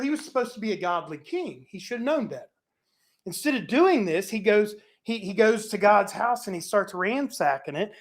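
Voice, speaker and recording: A church Bible teacher reading scripture aloud and explaining it in a chatty way, with frequent laughs. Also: mid-range voice. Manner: chatty, laughs often, asks "right?". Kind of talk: casual scripture reading and commentary.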